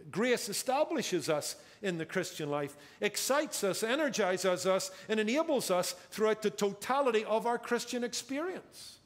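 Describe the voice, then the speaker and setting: A man preaching a sermon as pastor, emphatic and drawing out key words for effect, recorded in a church sanctuary. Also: sits high. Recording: church hall with long reverb.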